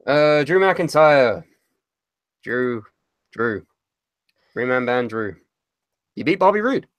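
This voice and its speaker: A woman's voice: extremely low pitch, expressive, slow, dry recording. A woman co-hosting a casual podcast chat, sarcastic and blunt, swearing often. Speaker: podcast co-host.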